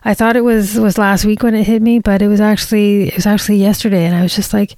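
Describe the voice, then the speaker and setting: A woman hosts her podcast alone, thinking out loud in a candid, confiding way. She stops and restarts her sentences often and corrects herself mid-thought. Her voice sits at an ordinary middle pitch, recorded close and dry with no room sound. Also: level tone, no room sound. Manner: rambling, halting, many restarts and self-corrections. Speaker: podcast host. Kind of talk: casual solo podcast monologue.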